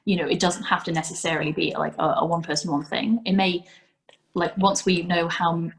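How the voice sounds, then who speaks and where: A woman's voice: fairly low pitch, flat delivery, brisk, vocal fry. Chatty, rambling woman hosting a storytime. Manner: chatty, rambling, with many fillers and restarts. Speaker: storytime host. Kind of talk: casual chat on a video call.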